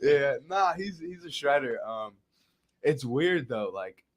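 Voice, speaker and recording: A man, a podcast guest, telling casual stories in a studio and acting out scenes with loud quoted lines. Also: medium pitch, takes it slowly, crowd noise. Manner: animated, acts out scenes with shouted quotes. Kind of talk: casual storytelling.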